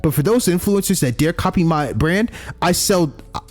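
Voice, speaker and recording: A man's voice: a little high, expressive, normal speed, darkish tone, soft background music, natural voice. A man reading a visual novel aloud, voicing a boastful, ruthless young female influencer in a sassy, condescending tone.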